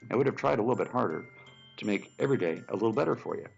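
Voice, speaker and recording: A man with a low, gravelly voice hosts a casual let's play and reads the game's story lines with flair. His pitch moves a lot as he jokes. The recording sounds dull, with music behind. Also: lively intonation, racing, a little mellow. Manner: laughing, jokey, reads story lines dramatically. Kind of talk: casual game commentary and reading aloud.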